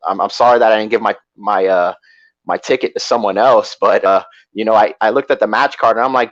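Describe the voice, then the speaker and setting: A man's voice: on the low side, a little fast, no room sound, highs cut off. A man co-hosting a wrestling podcast, rambling and hesitant, often repeating his words. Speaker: podcast co-host. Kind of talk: casual chat.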